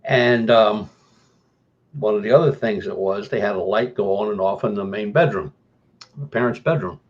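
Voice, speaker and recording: Guy with a lowish voice telling a story, gets animated and jumps up high, muffled lo-fi sound. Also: moderate pace. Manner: animated, jumps to a higher voice for emphasis. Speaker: guest paranormal investigator. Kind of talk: casual storytelling.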